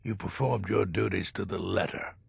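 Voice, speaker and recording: An actor playing a sardonic older male assassin in a video game, speaking in dry, measured, ironic tones with a gravelly, raspy voice. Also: deep voice, fairly even intonation, no echo, soft background music, full character voice.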